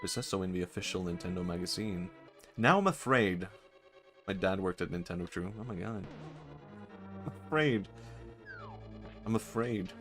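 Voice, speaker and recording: A man's voice: sits low, lively intonation, fairly quick, a bit bright, soft background music. A man streaming a game, chatting casually and riffing on silly ideas with frequent laughs. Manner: rambling, giggly, riffing on silly bits. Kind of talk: casual gameplay chat.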